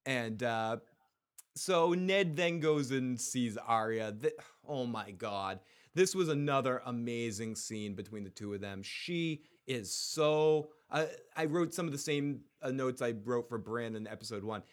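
A man co-hosting a casual podcast recap, excitable and swearing freely, often stumbling and restarting his sentences. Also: medium pitch, measured pace. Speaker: podcast co-host.

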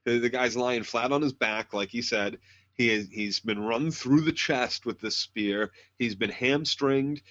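A man's voice: mid-range voice, unhurried, fairly bright tone. Chatty man with dull lo-fi audio. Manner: chatty, adds details and corrections. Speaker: podcast co-host. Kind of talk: casual TV recap chat.

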